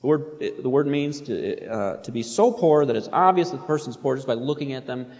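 A man's voice: mid-range voice, expressive, fairly quick, darkish tone. A man preaching a sermon, reading quotations aloud with rising intensity and otherwise explaining in a plain, conversational way. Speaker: pastor. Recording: long hall reverb.

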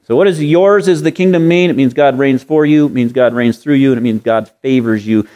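A male preacher in mid-sermon, his voice at an ordinary middle pitch. He talks earnestly and keeps asking the listeners rhetorical questions. He repeats key phrases to drive them home. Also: a little fast, dark tone.

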